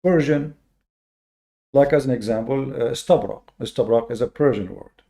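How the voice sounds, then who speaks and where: A man hosting a lecture-style monologue with a gravelly edge to his voice. His tone is mellow and dark, and he leans hard on key words with slow, deliberate emphasis, stumbling through fillers and repeated words. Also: mid-range voice. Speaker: host.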